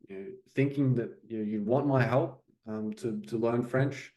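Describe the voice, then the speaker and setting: Talking at a normal speed in a mellow, medium-pitched voice, a man who coaches French chats informally with viewers about how to pick up the language. He often slips in "okay" and "you know," and the recording has a roomy sound.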